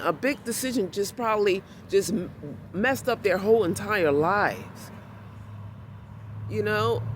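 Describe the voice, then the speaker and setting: An emphatic woman talks in a casual, heartfelt monologue, repeating phrases as she makes her point. Her intonation swings widely and expressively. Faint outdoor city noise can be heard behind her. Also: mid-range voice. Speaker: vlogger.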